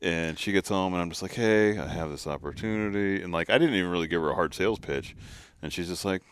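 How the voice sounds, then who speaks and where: A man's voice: sits low, fast, smooth. A man co-hosting a hunting podcast, telling a story in casual chat and acting out what people said. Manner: animated storyteller, acts out quotes. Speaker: podcast co-host.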